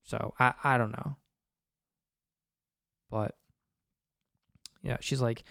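A man's voice: medium pitch, fairly even intonation, unhurried, gravelly, long pauses, a bit bright, no echo, studio quality. A man giving casual, rambling commentary on a TV episode, exasperated and swearing often, with a lot of filler words. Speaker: TV episode reviewer.

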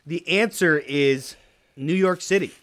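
A man's voice: on the high side, measured pace, a bit bright. Teasing man hosting casual trivia banter. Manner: teasing, playful, laughs often. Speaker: co-host.

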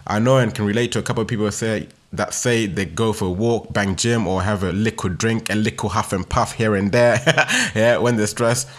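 A man's voice: on the low side, moderate pace, hardly any pauses, fairly bright tone. A young man with a London street accent talking casually on his solo podcast, laid-back and slangy, ending nearly every sentence with "innit". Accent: London, Multicultural London English. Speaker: podcast host.

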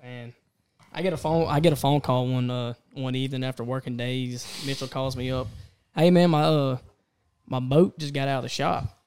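A man's voice: medium pitch, normal speed, a little hiss or hum. A young man telling a rowdy story among friends, swearing freely and acting out what others said. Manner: animated, swearing, acts out the voices of others.

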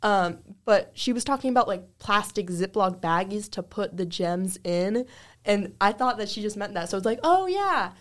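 A woman's voice: mid-range voice, normal speed. A young woman casually telling a work story among friends, with lots of "like" fillers. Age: young adult. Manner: animated storytelling, heavy "like" fillers. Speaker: panelist recalling first jobs. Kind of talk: casual chat.

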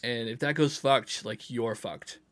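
A young man co-hosts a casual podcast in a middle-pitched voice. He is laid-back and slangy and laughs easily. The recording is close and dry. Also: a little slow, fairly bright tone, dry recording. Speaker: podcast co-host. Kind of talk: casual chat.

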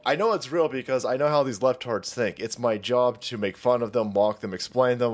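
A man hosting a ranting commentary show, talking in a crude, mocking way and laughing often. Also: medium pitch. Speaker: host.

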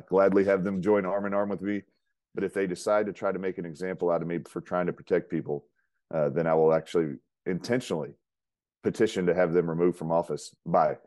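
A man's voice: low voice, darkish tone, no echo. A man from the United States, a chiropractor guest on a podcast, telling a story emphatically with frequent fillers. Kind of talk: casual storytelling in a podcast interview.

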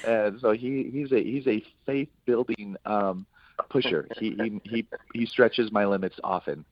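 A man, a ministry partner and guest, telling an anecdote in an interview in a lively, animated way. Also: lowish voice, a little slow, lo-fi sound. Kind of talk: anecdote in a talk-show interview.

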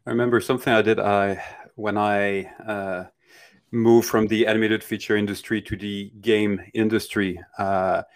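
A man's voice: lowish voice, flat delivery, normal speed. A man co-hosting a casual advice chat, rambling with many restarts. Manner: rambling, frequent restarts and fillers. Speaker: co-host of an animation Q&A show.

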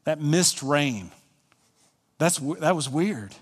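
A man from Colorado preaching a sermon as pastor, emphatic and swinging from hushed lines to soaring ones. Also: on the high side, expressive, extremely slow, breathy edge, big-room sound.

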